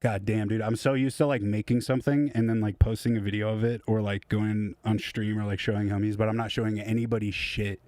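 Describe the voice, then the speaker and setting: A young man talks casually on a live stream from his home studio, rambling and swearing freely. He pokes fun at himself as he goes. His voice sits a little low and sounds dry and close. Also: a little mellow, no echo. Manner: rambling, profane, self-deprecating. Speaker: music producer streaming live.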